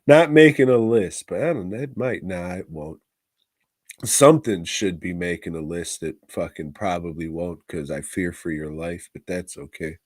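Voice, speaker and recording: A man's voice: deep voice, moderate pace, no echo. A man co-hosting a comedy movie podcast, trading crude, dry wisecracks. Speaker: podcast co-host. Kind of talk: casual comedy movie review.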